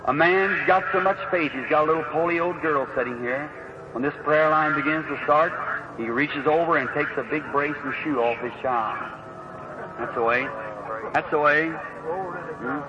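A man leading a revival healing service, folksy and earnest, calling out prayer card numbers and rising to fervent emphasis. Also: a little high. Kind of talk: revival sermon and prayer line. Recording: lo-fi old recording with audible hiss.

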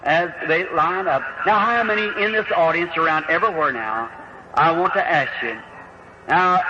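A man leading a revival healing service, folksy and earnest, calling out prayer card numbers and rising to fervent emphasis. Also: high-pitched. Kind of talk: revival sermon and prayer line. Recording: lo-fi old recording with audible hiss.

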